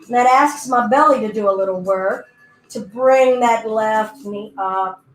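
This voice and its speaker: A woman with a high-leaning voice and measured pace guides a virtual yoga class indoors. Chatty and playful, she gives her breath and body little voices, and the echoey room carries faint music.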